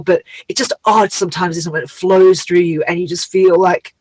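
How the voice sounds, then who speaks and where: A woman's voice: on the low side, fairly even intonation, brisk, hardly any pauses, darkish tone, slightly rough, no room sound, low-quality recording. A woman hosting a podcast in casual chat, talking in a rambling, open way and sounding teary. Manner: chatty, rambling, open about feelings. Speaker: podcast host.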